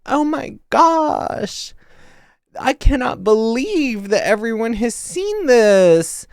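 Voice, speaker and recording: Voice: mid-range voice, very animated, slow, darkish tone, clear, resonant tone, no room sound, studio quality, pitched above the performer's own voice. A film reviewer putting on the voice of a meek, shocked teenage girl who sounds whiny and flustered. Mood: dismayed.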